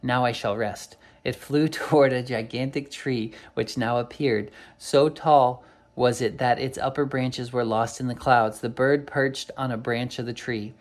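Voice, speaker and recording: Guy reading a folk tale out loud, bit rough, corrects himself. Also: mid-range voice, steady tone, unhurried. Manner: unpolished reading with slips and self-corrections. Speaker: storyteller. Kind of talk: storybook read-aloud.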